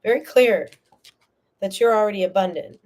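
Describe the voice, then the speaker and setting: A woman giving a live tarot reading, chatty and animated, often checking in with "okay?" and "all right?", and tearful at times. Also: mid-range voice, moderate pace. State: tearful, emotional. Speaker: tarot reader.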